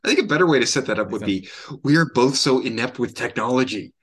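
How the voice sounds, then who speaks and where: A man's voice: mid-range voice, lively intonation, fairly bright tone, a little hiss or hum. A man co-hosting a podcast from home over an online call, chatting eagerly and often restarting his sentences. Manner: eager, halting, full of restarts. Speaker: podcast co-host. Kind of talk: casual chat.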